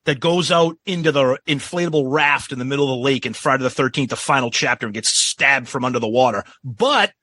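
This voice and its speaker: A man's voice: mid-range voice, brisk, few pauses, bright, forceful tone, no room sound. A man co-hosting a podcast in casual chat, rambling and chuckling as he talks, often repeating words. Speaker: podcast co-host.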